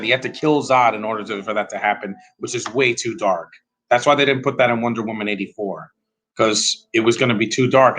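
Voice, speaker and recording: Casting: male host, mid-pitch, rambling and opinionated live movie commentary. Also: fairly bright tone, low-quality recording.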